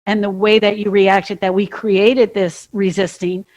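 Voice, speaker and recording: A woman's voice: medium pitch, level tone, a little slow, a little mellow. A woman co-hosting a podcast, talking about grief in an emphatic way and building her points through repetition and questions. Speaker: podcast co-host. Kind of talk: reflective conversation about grief.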